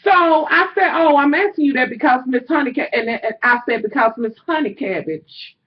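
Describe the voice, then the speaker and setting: A young woman telling a story to her viewers in a casual, profane rant, swinging between low asides and loud outbursts. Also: normal speed, muffled recording.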